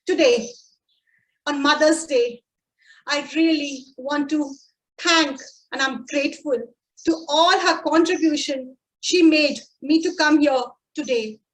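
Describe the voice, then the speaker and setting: A woman with a high voice gives a prepared speech to a speaking club. She speaks slowly and deliberately and pauses for effect. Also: a bit bright, low-quality recording. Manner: slow, deliberate, with dramatic pauses.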